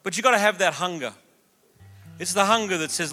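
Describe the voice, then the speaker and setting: A high-voiced pastor preaching a little fast tells an animated story in his sermon, acting out each quoted voice. The church auditorium adds long reverb, and faint music plays behind him.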